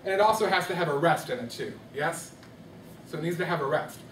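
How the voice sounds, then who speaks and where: A man's voice: a little high, animated, a little fast, fairly bright tone, a little hiss or hum. A man teaching a class from afar. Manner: questioning, coaxing students to answer. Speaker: music teacher. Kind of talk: classroom microteaching lesson. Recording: echoey classroom from far off.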